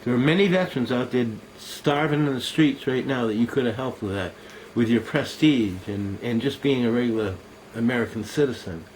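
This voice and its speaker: A man's voice: mid-range voice, brisk, hardly any pauses, darkish tone, rough recording. An older man, a veteran, talks straight into a camera mic at home, bitter and accusing. He curses his listeners outright in a middling voice. A faint hiss sits under the recording. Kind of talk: angry monologue to camera.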